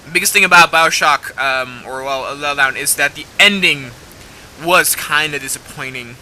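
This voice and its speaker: A young man rambling excitedly and swearing casually while commenting on a game as he plays. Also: on the high side, moderate pace, a little hiss or hum, low-quality recording. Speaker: gaming video host. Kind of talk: let's play commentary.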